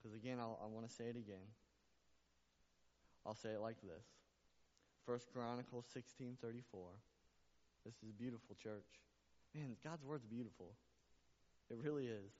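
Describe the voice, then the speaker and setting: A man's voice: mid-range voice, normal speed, long pauses, darkish tone. A male pastor delivers an earnest sermon, circling back on his phrases and pressing each question. His voice sits in a middle register. The sound is muffled and rings with long church reverb. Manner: earnest preaching, repeats phrases, rising to emphatic calls. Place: church sanctuary.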